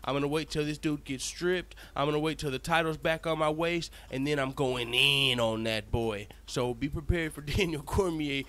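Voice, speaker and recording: A man voicing a brash, boastful male fighter who gloats and curses in loud bursts. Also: fairly high pitch, normal speed, few pauses, lightly acted. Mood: scheming.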